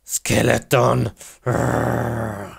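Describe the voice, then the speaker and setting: A man's voice: medium pitch, flat delivery, drawn-out words, creaky, husky, full character voice. A man playing a raging brute who calls himself Hulk, grunting in simple, broken English. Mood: angry.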